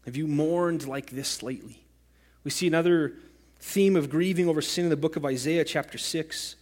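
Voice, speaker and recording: A man's voice: on the high side, moderate pace, a little mellow. A man preaching a sermon as pastor, earnest and rising to impassioned cries when he quotes scripture.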